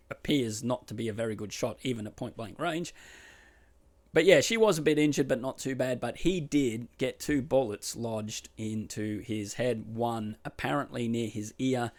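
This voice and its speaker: A man telling a story casually and wryly, with a lively voice that rises and falls a lot. His pitch stays in the middle range and he often throws in dry asides. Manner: chatty, wry, animated retelling. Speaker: podcast host.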